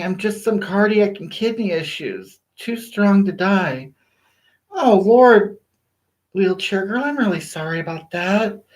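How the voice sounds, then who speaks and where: Woman as a self-flattering online diva, live-stream chat, gushes at fans and sasses haters. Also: mid-range voice, natural voice. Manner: gushing and self-flattering, sassy toward critics. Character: vain, sassy woman livestreaming to fans. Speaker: livestream host. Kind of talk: live-stream chat reading viewer comments. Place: small bathroom.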